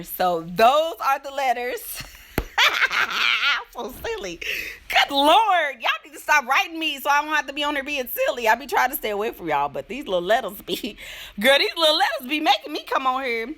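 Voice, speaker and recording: A young woman with features chats through listener letters in a playful, teasing way. Her voice sits fairly high and swings widely in pitch. It sounds bright and forceful. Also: sing-song, brisk. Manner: playful, laughing, sassy. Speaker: advice vlogger answering letters. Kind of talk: casual advice chat.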